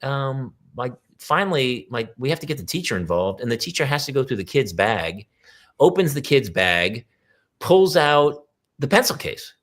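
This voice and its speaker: A man's voice: medium pitch, sing-song, moderate pace, a bit bright. A middle-aged man telling a parenting story on a livestream chat, acting out his kids' voices as he goes. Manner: acts out his kids' voices in quoted lines. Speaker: podcast co-host. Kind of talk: casual chat, animated storytelling. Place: home, on a livestream. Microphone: video call.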